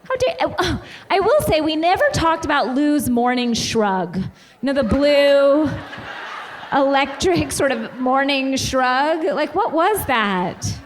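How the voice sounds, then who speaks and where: A woman's voice: high-pitched, lively intonation, slow, a little hiss or hum. A woman co-hosting a live comedy podcast on stage, bantering playfully. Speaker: podcast co-host. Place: live stage before an audience.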